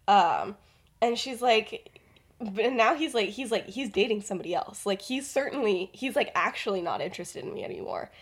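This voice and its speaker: A young woman host retelling a story in a loose, rambling way, packed with fillers and little laughs. Her pitch sits in an ordinary middle range, and her talk is casual and chatty. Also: lively intonation, moderate pace, breathy edge. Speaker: podcast host.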